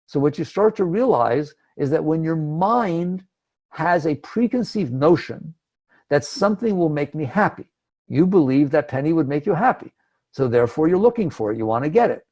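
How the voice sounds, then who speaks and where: A man's voice: on the high side, lively intonation, moderate pace, a little mellow. A man giving a conversational spiritual talk, emphatic and acting out inner thoughts. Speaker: spiritual teacher.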